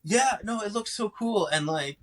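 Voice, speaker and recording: A man's voice: high voice, expressive, moderate pace, a bit bright, slight background noise, poor audio. A young man hosting a casual podcast chat, joking and teasing his guests and swearing casually. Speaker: podcast host.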